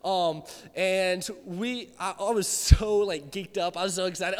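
Preaching to young people in a church hall with a live audience, a young man with a high voice tells stories in a fairly quick, animated way and acts out how he reacted. The hall's reverb is audible in the recording.

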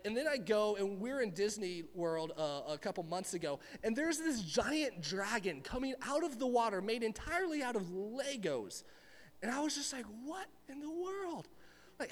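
A young male pastor gives a loose, animated sermon, chatting with his congregation as he goes. His voice sits high for a man. It rings with the long reverb of a large hall. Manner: animated, rambling, chatty with the audience. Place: church hall with a live audience.

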